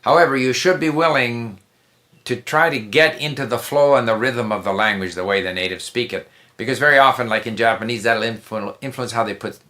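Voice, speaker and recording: A man's voice: medium pitch, fairly quick, sharp tone. A man speaking as the guest on a language-learning interview, giving conversational advice in an emphatic way, often repeating himself and restarting his sentences.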